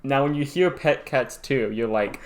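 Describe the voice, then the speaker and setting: A young man co-hosting a podcast jokes in a deadpan way during casual comedic chat. His voice is medium in pitch at a moderate pace, with slight background noise.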